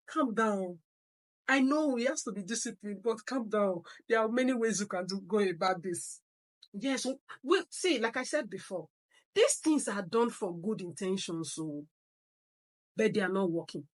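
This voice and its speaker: A middle-aged woman teaches a live online parenting class. She tells stories and repeats her key phrases for emphasis. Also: medium pitch. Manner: acts out parents and children in quoted voices. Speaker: parenting coach and therapist.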